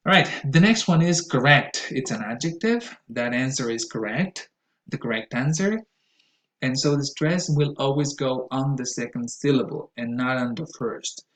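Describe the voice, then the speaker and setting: A man teaches pronunciation in classroom lecture style, patiently explaining and repeating each word for emphasis. His voice is mid-range at a moderate pace, and the room is echoey.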